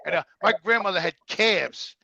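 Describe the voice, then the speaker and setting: Gravelly New York man telling stories. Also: sits high, moderate pace, no echo, dull audio. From Brooklyn, New York. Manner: profane, animated storyteller. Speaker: guest. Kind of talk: casual storytelling.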